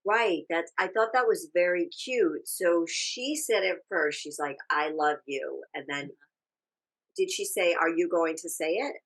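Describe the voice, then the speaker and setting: A woman's voice: on the low side, a little slow, low-quality recording. A woman co-hosting a casual podcast chat, talking through a TV episode in an opinionated way, often trailing off and restarting. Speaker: podcast co-host. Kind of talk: casual chat recapping a TV show.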